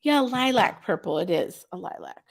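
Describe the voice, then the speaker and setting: A chatty woman hosts a casual live stream for her craft shop, gushing over each item and filling pauses with ums. Her voice sits at a middling pitch for a woman, and she talks straight to her viewers as she reads their comments aloud. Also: very animated, gravelly. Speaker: craft shop owner hosting a live sale.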